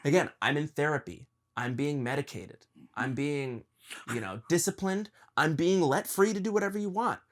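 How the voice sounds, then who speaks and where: A young man hosting a podcast, talking earnestly and confessionally with his father, halting with ums and restarts. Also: on the high side. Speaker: podcast host. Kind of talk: emotional conversation with his father.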